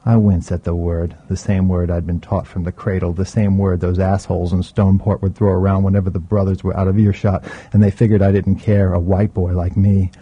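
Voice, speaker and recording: A man's voice: sits low, level tone, a little fast, few pauses, slightly rough, no echo, dull audio. A man narrating a story in the first person, earnest in delivery. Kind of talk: audiobook narration.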